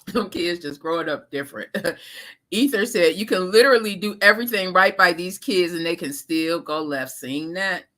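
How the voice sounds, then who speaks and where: Bright-voiced woman chatting on a live stream. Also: on the low side, a little slow, long pauses. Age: 30s. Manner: talks straight to viewers with slang, laughs often. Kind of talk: casual live-stream chat reading viewer comments.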